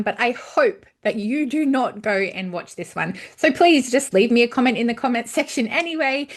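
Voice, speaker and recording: A woman's voice: a little high, lively intonation, moderate pace, hardly any pauses. A woman in her thirties giving a blunt, ranting movie review who swears freely. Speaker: film reviewer. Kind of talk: casual spoken movie review.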